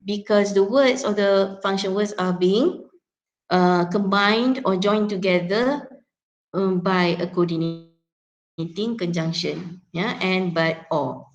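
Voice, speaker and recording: A woman lecturer with a Malaysian accent teaches her students, walking through each point in turn. She keeps checking in with a quick "yeah?" as she goes, in a voice of ordinary middle pitch. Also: lo-fi sound. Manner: explains step by step, often checking with "yeah?". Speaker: university lecturer. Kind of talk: teaching a phonetics class.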